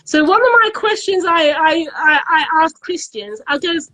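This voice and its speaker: A high-pitched woman speaks earnestly in a casual live-stream conversation. She often repeats words as she searches for the next thought. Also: sing-song, measured pace, bright, forceful tone, poor audio. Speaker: event organiser, guest. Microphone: online live stream.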